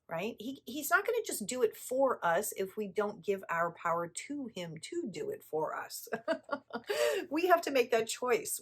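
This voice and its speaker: A woman's voice: mid-range voice, husky. A middle-aged woman, a spiritual teacher, explaining a text in a blunt, casual way and laughing often.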